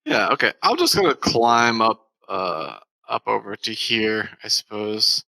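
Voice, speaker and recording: A man's voice: lowish voice, sing-song, measured pace, vocal fry, pushed and bright, rough recording. A man playing a tabletop game, thinking aloud hesitantly with ums and uhs. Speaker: player.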